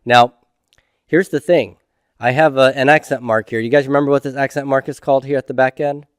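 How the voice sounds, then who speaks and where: A man's voice: mid-range voice, fairly even intonation, clear, resonant tone, no room sound, studio quality. A middle-aged man teaching a Hebrew grammar class, explaining step by step and often checking in with "okay?". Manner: slow, methodical, checks in with "okay?". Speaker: Hebrew instructor.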